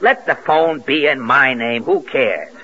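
Brief: man, 1940s radio comedy host, bright, biting, dry wit, dull old broadcast audio. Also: mid-range voice, expressive, a little slow, a little hiss or hum. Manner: dry, wisecracking, mock-stern.

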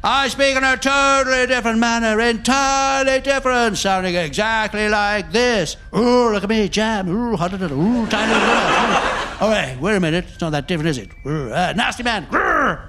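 A whimsical, playful comic, played by a man, who rambles about silly things in a high-pitched voice. He slips into squeaky, silly voices and playful growls. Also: moderate pace, sharp tone.

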